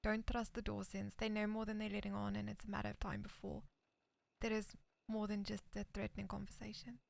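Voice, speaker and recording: Soft-spoken woman with vocal fry. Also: medium pitch, monotone, fairly quick, dry recording. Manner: reads messages aloud, often dropping into a whisper. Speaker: roleplay streamer. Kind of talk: in-character western roleplay chat.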